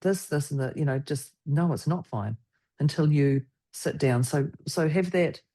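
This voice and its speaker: A woman talking in a relaxed, friendly podcast chat. Her voice sits a little low and sounds mellow and warm. She is animated and slips into other people's voices as she tells stories. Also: moderate pace. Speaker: podcast co-host. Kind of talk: casual conversational chat.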